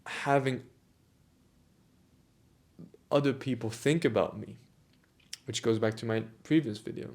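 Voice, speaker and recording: A man's voice: medium pitch, measured pace, long pauses, a little mellow. A man talking reflectively to camera about his own experience, with frequent restarts, repeated phrases and moments of emotion. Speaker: vlogger on autistic culture. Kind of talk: reflective personal monologue.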